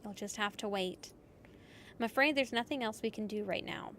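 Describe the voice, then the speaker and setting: A woman voicing a brisk, defensive embassy phone clerk who sounds overworked, as she reads game dialogue. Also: medium pitch, fairly bright tone, a little hiss or hum, close to an everyday voice. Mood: weary.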